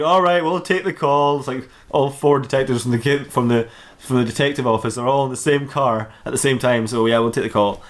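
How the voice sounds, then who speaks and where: A man casually reading and ad-libbing a comic fan-fiction story, rambling and laughing at his own jokes. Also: mid-range voice.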